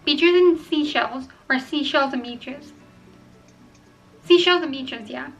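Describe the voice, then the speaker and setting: A young woman chatting casually to camera at home, rambling and filling pauses with ums as she weighs each choice. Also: sits high, muffled recording, soft background music. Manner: chatty, rambling, filler-heavy. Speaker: vlogger. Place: home room.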